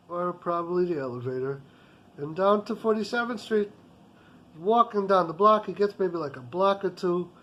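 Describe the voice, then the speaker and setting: A man's voice: high-pitched, fairly bright tone. A male Torah teacher telling a story in an earnest, storytelling way. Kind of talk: storytelling lesson.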